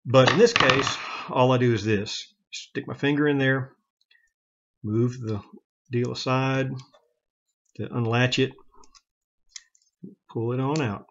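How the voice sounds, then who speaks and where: A man giving a casual how-to demonstration of taking a revolver apart, talking plainly with halting restarts and self-corrections. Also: mid-range voice, fairly even intonation, dull audio, slight background noise. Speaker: gun hobbyist demonstrating revolver repair.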